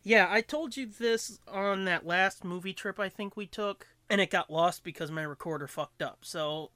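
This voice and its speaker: A man co-hosting a podcast in casual chat, telling stories in an animated, profane way. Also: high-pitched, normal speed, no room sound. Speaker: podcast co-host.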